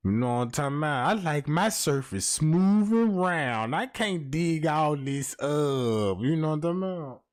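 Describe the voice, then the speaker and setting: A man hosts a comedic livestream rant, swearing freely and talking straight to his chat. His pitch swings up and down with lively energy. He keeps asking the chat if they follow him. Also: unhurried, hardly any pauses. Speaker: livestream host.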